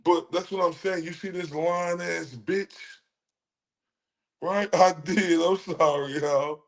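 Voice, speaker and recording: A man's voice: sits high, steady tone, takes it slowly. A man with a Texan accent ranting on a livestream, profane and heated, with laughing asides. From Dallas, Texas. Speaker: livestream host.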